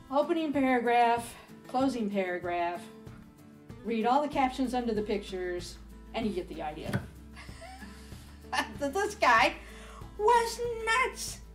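A woman recounting a personal story of faith in an animated, storytelling interview. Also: lowish voice. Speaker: interviewee giving a faith testimony.

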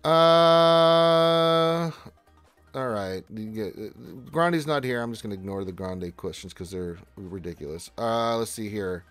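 A man's voice: on the low side, normal speed, hardly any pauses, dry recording, soft background music. A man hosting a casual gaming livestream, reading chat messages aloud and greeting viewers with loose jokes and plenty of fillers. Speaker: livestream host.

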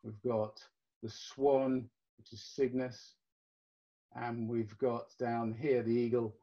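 A man gives a relaxed, explanatory club presentation over a video call, with many ums and uhs. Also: mid-range voice. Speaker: astronomy club meeting presenter. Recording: dull lo-fi video call audio.

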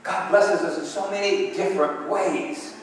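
A man's voice: high voice, steady tone, measured pace, slight background noise. A man preaching a sermon, moving between emphatic calls for response and conversational storytelling. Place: church sanctuary. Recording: echoey hall from far off.

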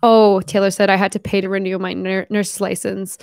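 A woman's voice: mid-range voice, steady tone, moderate pace, gravelly, few pauses, a little mellow, no echo, clean studio sound. A young woman live streaming in casual chat, talking a lot with "like" and casual swearing, her voice tiring from hours of talking. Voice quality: chatty, lots of "like", casual swearing.

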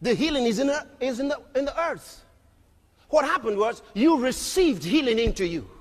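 High-voiced preacher booming in a hall. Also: male voice, expressive, normal speed. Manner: emphatic, acts out dialogue, often shouts, asks the crowd. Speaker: pastor. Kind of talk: sermon. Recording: long reverb of a large hall.

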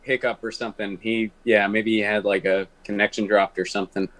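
A man's voice: fairly low pitch, little pitch movement, brisk, a crowd in the background, poor audio. Easygoing man cohosting a chat. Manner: jokey, puts on mock voices in bits. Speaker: co-host. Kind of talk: casual chat on a video call.

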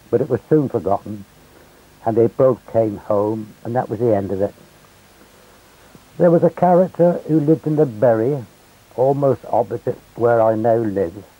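A man's voice: medium pitch, warm tone, husky, poor audio. An elderly man from England narrating local history as wry, chatty anecdotes. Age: older. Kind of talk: storytelling reminiscence.

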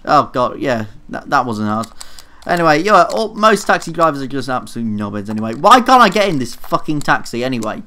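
A man's voice: mid-range voice, sing-song, brisk, pushed and bright. A young man commenting casually on his own gameplay, flustered, swearing a lot and mocking himself. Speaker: gaming YouTuber. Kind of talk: casual let's play commentary.

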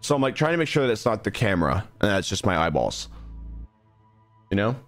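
A young man with a fairly low voice chats loosely to his viewers while streaming a spooky game. He rambles and restarts his sentences, and his voice jumps up high when something startles him. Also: sing-song, brisk, a bit bright, soft background music. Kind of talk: casual gaming livestream chat.

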